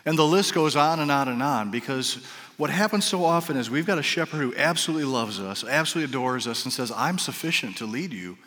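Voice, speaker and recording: A man preaching a sermon to his congregation. He acts out the voices of the people in the story and drops into soft, quiet asides. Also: mid-range voice. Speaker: pastor. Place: church sanctuary. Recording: reverberant hall.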